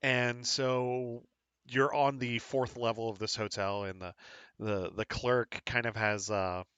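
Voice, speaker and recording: A man's voice: medium pitch, level tone, slow, a bit bright, clean tone, dry recording, muffled recording. Laid-back man as game master. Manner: loose, laughing, with many fillers. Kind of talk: narrating a tabletop game.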